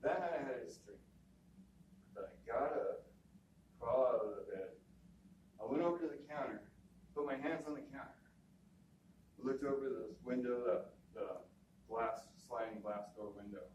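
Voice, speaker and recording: A man telling a personal story in a relaxed, conversational way, often repeating words and quoting other people. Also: medium pitch, moderate pace, pauses often, a little hiss or hum. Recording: echoey room from a distance, faint ambience.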